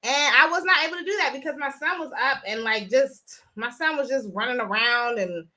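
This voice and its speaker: Woman streamer, high bright voice, chatty and blunt, casual live talk on a phone. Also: a little fast.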